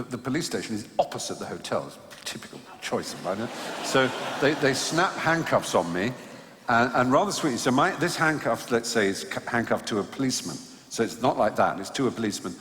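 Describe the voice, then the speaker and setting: A man telling self-mocking anecdotes on a theatre stage in a wry, halting way. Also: medium pitch, big pitch swings, a bit bright. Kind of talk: live storytelling conversation. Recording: echoey hall, live venue ambience.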